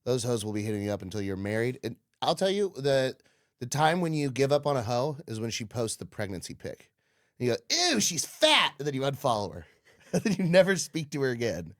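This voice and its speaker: A man's voice: medium pitch, expressive, quick pace, no echo, clean studio sound. A man hosting a casual comedy podcast, trading crude banter, laughing often and slipping into goofy voices. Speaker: podcast host.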